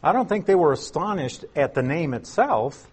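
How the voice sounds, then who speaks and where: Husky-voiced man teaching a Bible passage. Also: a little high, animated, normal speed. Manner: explanatory, rhetorical questions.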